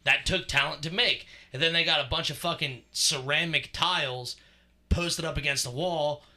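Profane, rambling bright-voiced man. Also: on the high side, normal speed. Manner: profane, rambling, full of fillers. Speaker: podcast co-host. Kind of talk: casual storytelling chat.

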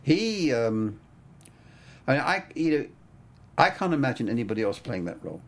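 A man's voice: medium pitch, very animated, normal speed. An older man, a cinematographer, telling stories in a casual interview, rambling with plenty of "I mean" and "you know".

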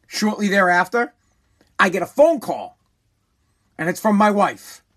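A man's voice: high-pitched, expressive, measured pace, a bit bright. A man in his forties, a talk host telling a rambling, profane, repetitive story in a casual monologue. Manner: rambling, profane, repeats himself, emphatic.

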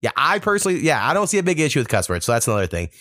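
A man hosting a podcast in a loose, rambling way, swearing freely and piling on fillers as he tells stories. His voice sits at an ordinary middle pitch. The sound is dry and close, with no room around it. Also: very animated, very fast, pushed and bright, no echo. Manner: loose, profane storytelling with many fillers. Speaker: podcast host. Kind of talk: casual podcast chat.

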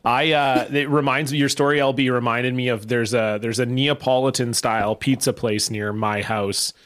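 A man's voice: medium pitch, fairly even intonation, normal speed, fairly bright tone. A man telling an exasperated, wry anecdote in casual podcast chat.

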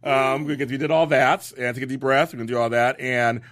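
A man's voice: medium pitch, fairly even intonation, fairly quick, fairly bright tone. A man co-hosting a casual talk show aftershow, chatty and laughing often. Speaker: co-host. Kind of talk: casual chat.

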